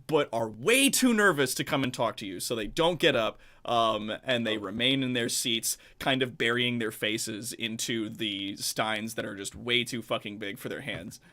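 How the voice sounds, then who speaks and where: A man's voice: mid-range voice, moderate pace, hardly any pauses, sharp tone. A man narrating a tabletop game as game master, casual and loose, with many fillers and some swearing.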